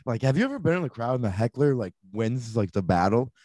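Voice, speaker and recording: A young man from the area, hosting a podcast in a relaxed, halting way. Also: medium pitch, no echo. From Boston area. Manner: relaxed, halting, filler-heavy. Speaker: podcast host. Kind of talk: casual podcast chat.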